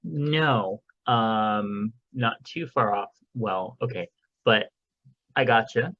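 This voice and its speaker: A man's voice: fairly low pitch, takes it slowly, highs cut off. A man co-hosting a podcast in casual, rambling chat, joking and trailing off with fillers, recorded at home. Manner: rambling, jokey, lots of fillers. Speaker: podcast co-host. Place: home recording room, window open.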